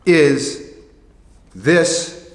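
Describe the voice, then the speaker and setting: A man's voice: fairly high pitch, lively intonation, drawn-out words. A man who hosts a sneaker vlog, talking casually and rambling with jokes and restarts. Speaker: sneaker vlogger. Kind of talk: casual chat. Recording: roomy echo with long reverb.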